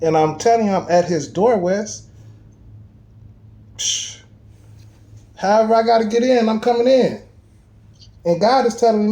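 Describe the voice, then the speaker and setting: A man in casual chat, telling a personal story with animated emphasis and street slang. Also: sits high, measured pace, pauses often.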